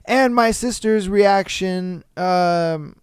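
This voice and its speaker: A man with a fairly high, resonant voice hosts a casual podcast. He reads a listener's story and then weighs in bluntly and with lots of animation, swearing freely. The sound is dry and close. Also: very slow, clean tone, no room sound. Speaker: podcast host. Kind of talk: reading a listener story aloud and commenting.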